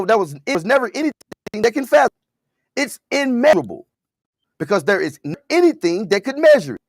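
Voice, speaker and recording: A man hosting a casual talk show, speaking with slow, drawn-out emphasis. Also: high-pitched, no echo.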